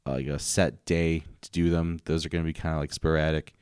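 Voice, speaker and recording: Deep-voiced man hosting a casual podcast. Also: fairly quick, clear, resonant tone, no echo, clean studio sound. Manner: relaxed, rambling with frequent fillers. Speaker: podcast host. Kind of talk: casual chat.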